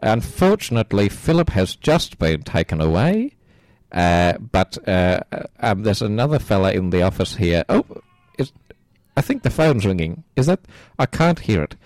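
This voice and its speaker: A man's voice: on the low side, sing-song, moderate pace, darkish tone, dry recording. A man voicing a cheesy male radio host who makes his own phone-ring noises, in an improvised comedy sketch.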